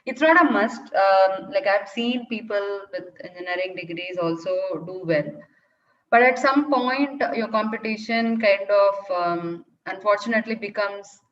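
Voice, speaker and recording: A woman's voice: medium pitch, a little slow. Woman, online Q&A speaker, thoughtful with many ums and restarts, sounds distant from the mic, dull lo-fi call audio. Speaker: data science speaker answering questions. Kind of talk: online Q&A talk. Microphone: video call.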